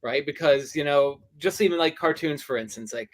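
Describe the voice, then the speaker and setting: A man's voice: on the high side, normal speed. A man hosting a casual interview, asking long, rambling questions. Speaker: host.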